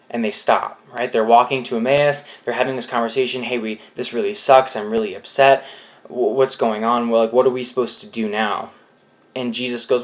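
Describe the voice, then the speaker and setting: A man's voice: medium pitch, steady tone, normal speed. A young man giving a casual youth sermon, talking conversationally and acting out quotes in playful voices. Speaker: youth pastor.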